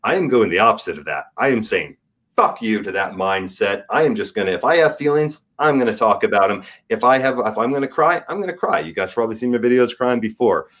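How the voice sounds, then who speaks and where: A man in his forties speaking as a guest, frank and earnest, his delivery swinging between soft and emphatic. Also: fairly low pitch, expressive, quick pace. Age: 40s. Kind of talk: candid podcast conversation.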